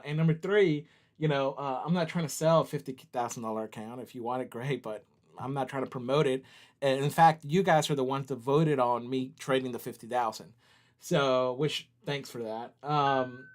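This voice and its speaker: A man running a company livestream in casual chat, laughing easily and talking to viewers as he works on screen. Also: mid-range voice. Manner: chatty, laughs easily, talks to viewers while working on screen. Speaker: company CEO hosting a livestream.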